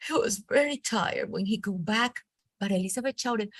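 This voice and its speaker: A woman teacher with a Colombian accent, reading a storybook aloud to a class with expressive, animated delivery before moving on to teaching. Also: mid-range voice, moderate pace, no room sound. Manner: expressive, animated read-aloud with acted character lines. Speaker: teacher leading a reading workshop.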